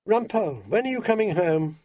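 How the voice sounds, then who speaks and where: A woman's voice: mid-range voice, lively intonation, fairly quick, a crowd in the background, voice pushed up, lightly acted. A man voicing a stern, exasperated wife with a curt manner.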